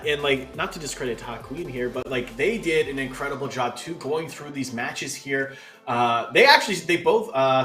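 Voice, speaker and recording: Canadian guy hosting esports desk, a bit high voiced, hyped and rambly, faint music under. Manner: excitable, filler-heavy with lots of "like". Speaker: tournament host.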